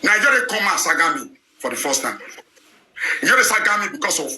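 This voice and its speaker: A man's voice: high-pitched, big pitch swings, a little fast, sharp tone, reverberant, a little hiss or hum. A man speaking with a Nigerian Pidgin accent, ranting heatedly as a show presenter and firing off rhetorical questions. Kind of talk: heated live talk.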